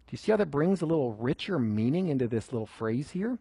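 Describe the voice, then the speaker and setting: Husky man teaching a class. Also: on the high side, big pitch swings, fast, hardly any pauses, darkish tone, no echo. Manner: conversational, asks the audience questions, repeats for emphasis. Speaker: Bible teacher. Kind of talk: teaching a class on Scripture memorization.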